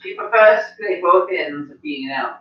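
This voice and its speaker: A man's voice: sits high, animated, moderate pace, pitched above the performer's own voice. Noble elf mother, fretful and confiding, voice lifted a little, as a game master plays her; dull lo-fi sound. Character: proper noble elf mother, worried and gossipy.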